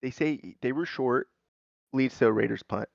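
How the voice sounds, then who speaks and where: Gravelly young male co-host, dry and slightly dull sound, blunt and irritated. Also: medium pitch, normal speed, dry recording. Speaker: podcast co-host. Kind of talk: casual sports chat.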